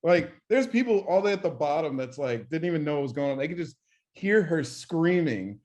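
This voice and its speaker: A young man co-hosting a podcast, telling animated stories in casual chat and swearing freely. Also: fairly high pitch, brisk. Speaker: podcast co-host.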